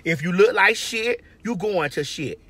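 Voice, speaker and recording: A woman's voice: mid-range voice, expressive, unhurried, fairly bright tone, husky, no echo. A woman giving brash, profane, emphatic advice in a casual monologue from her car. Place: inside a parked or moving car.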